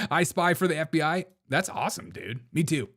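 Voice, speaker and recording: A man hosts a commentary show, poking fun at clips with sarcastic jabs and bursts of laughter. His voice sits a little high and moves with lively swings. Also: moderate pace, a little hiss or hum. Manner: sarcastic, laughs often, teasing. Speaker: show host.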